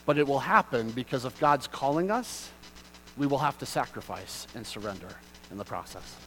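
A man preaching a sermon as pastor, reading scripture aloud and explaining it, moving from quiet reading to loud, passionate emphasis. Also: medium pitch, lively intonation, moderate pace, a little hiss or hum, poor audio.

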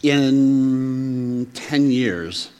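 Pastor preaching in an echoing hall. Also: male voice, mid-range voice, very slow, a little mellow. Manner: conversational, acts out townsfolk's reactions. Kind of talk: sermon. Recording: long reverb of a large hall.

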